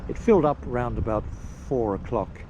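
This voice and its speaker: A man casually narrating a road trip outdoors, rambling with pauses and fillers. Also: mid-range voice, animated, highs cut off. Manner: slow, rambling, pausing with fillers. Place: outdoors at campsites and parks. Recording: noisy outdoor recording.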